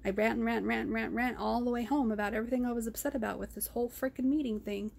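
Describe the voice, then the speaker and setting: A woman's voice: on the high side, fairly even intonation, quick pace, gravelly, a little mellow. Rambling, ranting woman vlogger. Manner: rambling and ranting, repeats words. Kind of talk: raw personal vlog. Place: car.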